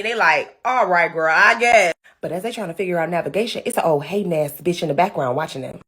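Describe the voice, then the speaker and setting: A woman tells a movie's story as a comedy recap, sassy and profane, full of slang. Her voice is bright and forceful, and it swings widely in pitch as she talks. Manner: uses Black American slang.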